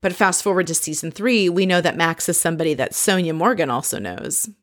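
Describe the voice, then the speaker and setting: Lady recapping a reality show, chatty and snarky, voice sits a bit low. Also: expressive, brisk, fairly bright tone. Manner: chatty, sarcastic commentary. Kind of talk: casual episode recap.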